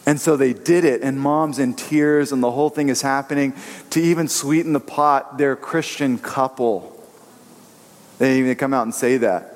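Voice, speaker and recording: A man's voice: mid-range voice, moderate pace. A man preaching a sermon in an earnest, conversational way, telling personal stories to make his point. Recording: long reverberant hall.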